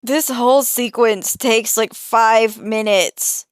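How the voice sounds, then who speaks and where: A woman's voice: fairly high pitch, faint music behind. A woman co-hosting a podcast, trading wry jokes in a casual chat. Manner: wry, joking asides, quick to laugh. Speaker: podcast co-host. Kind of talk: casual chat reviewing a cartoon.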